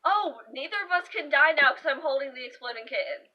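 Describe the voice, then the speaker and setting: A woman chatting casually during a card game at home, excitable and quick to burst into loud exclamations. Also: sits high, lo-fi sound. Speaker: vlogger playing a card game. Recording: loud music over the voice.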